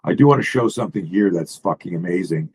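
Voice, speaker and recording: A man, a self-defense coach, explaining drills while sharing slides on a video call, blunt and profane in an animated way. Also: low-pitched, fast, creaky, breathy edge, poor audio.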